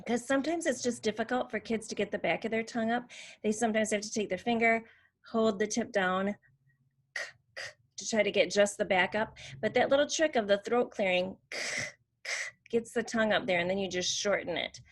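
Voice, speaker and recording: A woman's voice: mid-range voice, brisk. Patient woman speech therapist explaining sounds. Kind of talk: instructional demonstration.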